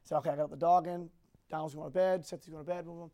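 A man speaking to a group, telling a personal story in a rambling, halting, emotional way. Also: fairly high pitch, steady tone, dark tone.

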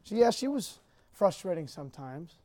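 A man speaking to a group, telling a personal story in a rambling, halting, emotional way. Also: sits high, sing-song, mellow.

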